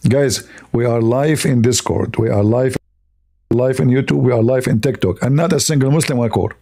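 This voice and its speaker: A man's voice: mid-range voice, normal speed, vocal fry, warm tone. Sarcastic man in broken English. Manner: broken, non-native English, rambling and sarcastic. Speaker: livestream host. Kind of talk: casual livestream talk.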